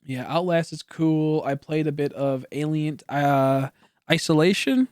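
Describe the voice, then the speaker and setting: A young man chatting casually on a home stream, his voice sitting a little high for a man. He rambles, corrects himself and swears offhandedly, with a cough now and then. The sound is dry and close, with no room echo. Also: unhurried, darkish tone, smooth. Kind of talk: casual chat.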